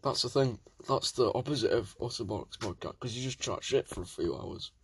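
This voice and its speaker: A man's voice: medium pitch, brisk, a crowd in the background. A man hosting a casual podcast, joking crudely and rambling. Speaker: podcast host. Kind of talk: casual stoned banter.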